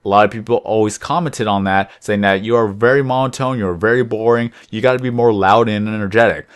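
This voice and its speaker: Young man, rambling gameplay chatter. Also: smooth. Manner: rambling, chatty, self-reflective; deliberately lifts his voice above his natural low tone. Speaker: gaming channel host. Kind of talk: casual commentary over gameplay.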